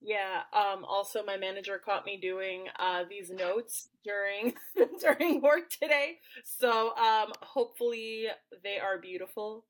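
A woman's voice: medium pitch, measured pace, rough recording. A woman co-hosting a podcast, chatting casually and laughing often as she talks. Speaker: podcast co-host.

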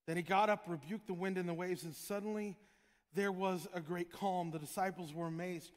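A man preaching a sermon as pastor, joking with his congregation and breaking into loud shouted prayers. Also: high-pitched, fairly even intonation, moderate pace, in a large hall.

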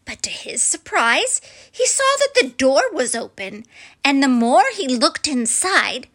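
A woman reading a children's storybook aloud in a soft, gentle and friendly way. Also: sits high, very animated, a little slow.

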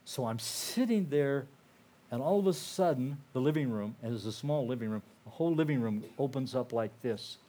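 A man's voice: medium pitch, animated, normal speed. An older man giving a personal testimony to a church audience. He tells the story in a conversational way, with lots of "you know" and restarts, and he turns earnest and emotional. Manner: earnest and emotional, dropping softer at heavy moments. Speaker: guest speaker sharing his testimony.

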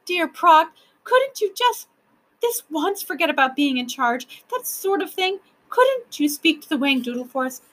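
A woman voicing a tearful young girl who pleads in a high, wailing voice during a storybook reading. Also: very animated, unhurried, a bit bright, exaggerated voice. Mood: imploring.

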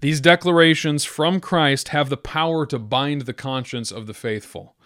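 A male podcast host reading from an article and arguing against it in a measured, deliberate way, now and then restarting a phrase. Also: on the high side, a bit bright, dry recording, clean studio sound. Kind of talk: reading and discussing an essay.

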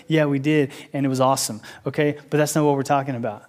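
A man preaching a sermon as pastor, building to loud repeated appeals and then dropping low and quiet, with casual asides and voiced objections. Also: steady tone, fast, hardly any pauses.

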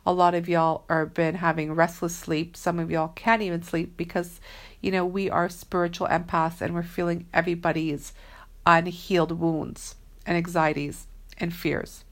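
Slangy, earnest woman with a low voice. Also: level tone, moderate pace. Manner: earnest, chatty, slangy, many fillers. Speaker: spiritual reader. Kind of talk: casual spiritual vlog talk.

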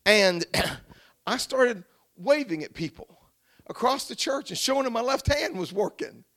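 A middle-aged man preaching a revival testimony sermon, telling his story quietly, then shouting and crying out in praise. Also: very high-pitched, lively intonation, measured pace. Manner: drops to quiet storytelling between outbursts.

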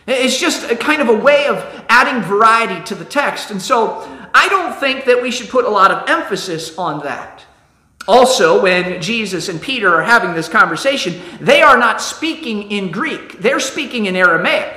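A man's voice: high-pitched, expressive, moderate pace, sharp tone, reverberant. A middle-aged man giving a sermon as a pastor, conversational, with restarts and acted-out quotes.

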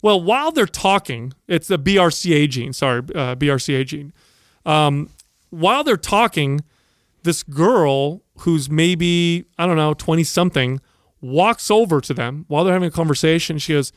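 Animated man telling a story. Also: a little high, normal speed, no echo, studio quality. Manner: animated storyteller, acts out quoted people. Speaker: podcast co-host. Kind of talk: casual storytelling chat.

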